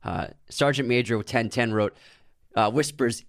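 A man's voice: medium pitch, moderate pace, dry recording, clean studio sound. A man co-hosting a podcast in casual chat, often laughing as he reads out listener comments. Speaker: podcast co-host.

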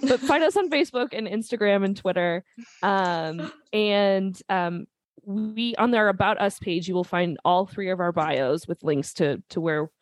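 A woman's voice: medium pitch, unhurried. A woman from Minnesota with a Minnesota accent, a podcast guest who laughs a lot and hesitates with many ums. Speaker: magazine guest. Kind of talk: casual chat.

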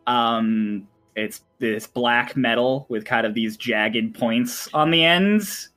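A man's voice: medium pitch, slow pace, a bit bright, soft background music. Laughing man narrating as game master. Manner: chatty, laughing, with frequent fillers.

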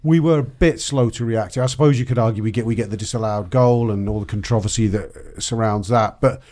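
A man on a football podcast panel, telling stories in animated casual chat and laughing often. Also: lowish voice, a little fast.

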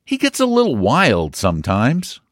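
A man voicing a confident young man who speaks slowly and with emphasis. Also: medium pitch, huge pitch swings, no echo, clean studio sound, pitched above the performer's own voice. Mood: assured. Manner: slow, assured, emphatic. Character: confident young man hosting, drawling, sure of himself.

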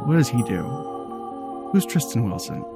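A man's voice: medium pitch, very animated, normal speed, over music. A middle-aged man co-hosting a podcast in casual chat, rambling and laughing often while he looks things up. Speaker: podcast co-host.

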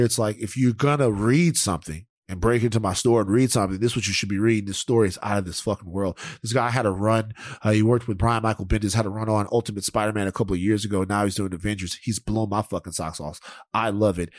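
A man's voice: fairly low pitch, fast, dry recording, clean studio sound. A man hosting a podcast, telling profane stories in casual chat. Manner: animated, profane storytelling. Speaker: podcast host.

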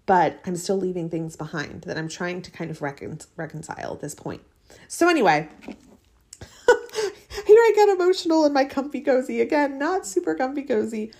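A woman's voice: mid-range voice, a little mellow. A woman in her thirties hosting a podcast, talking in a chatty, heartfelt way with many fillers and restarts. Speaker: podcast host. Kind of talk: casual personal monologue.

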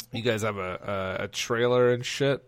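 A man's voice: mid-range voice, measured pace, clear, resonant tone. A young man co-hosting a podcast in casual chat, rowdy and joking and swearing freely, recorded over a remote call. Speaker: podcast co-host.

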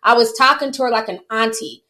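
Here a woman's fairly quick, high-leaning voice sounds pushed and bright, though her intonation stays fairly even. She addresses viewers directly with opinionated, chatty celebrity news commentary, teasing and laughing in a casual way.

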